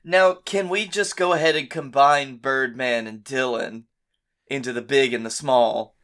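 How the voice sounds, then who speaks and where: A man co-hosting a comedy podcast, pitching ideas in a laid-back way with some swearing. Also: steady tone, a little slow, a bit bright. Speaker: podcast co-host.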